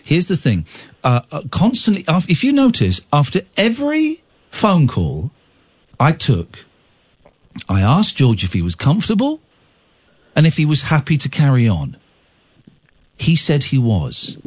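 Blunt, animated male radio host. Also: a little high, breathy edge. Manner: blunt, combative and quick to interrupt. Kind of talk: late-night radio phone-in talk. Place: radio studio.

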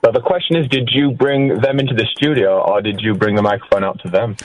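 Chuckling Yorkshire radio caller. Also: male voice, lowish voice, steady tone, fast, rough recording. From West Yorkshire, England. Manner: friendly, chuckling, self-mocking. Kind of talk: casual phone-in chat.

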